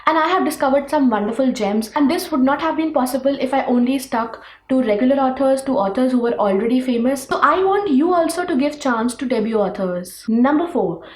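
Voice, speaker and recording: A woman's voice: sits high, darkish tone, echoey room, low-quality recording. A woman with an Indian English accent, a book vlogger, talking to camera in an emphatic, earnest way and asking her viewers rhetorical questions. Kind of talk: rant-style vlog talk to camera.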